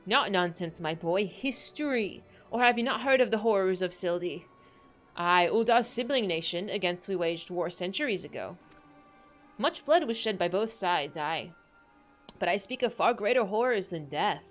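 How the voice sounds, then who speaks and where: A woman voicing a grieving old woman who tells dark legends in a theatrical, wailing way. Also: mid-range voice, lively intonation, normal speed, faint music behind, close to an everyday voice. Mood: ominous. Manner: theatrical, wailing, archaic storytelling. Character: grieving old woman, dramatic and doom-crying.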